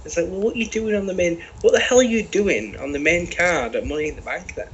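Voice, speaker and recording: A man's voice: high voice, quick pace, a bit bright, highs cut off, slight background noise. A British man talking animatedly on a podcast, swearing freely and restarting his sentences often. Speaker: podcast co-host. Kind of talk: casual chat.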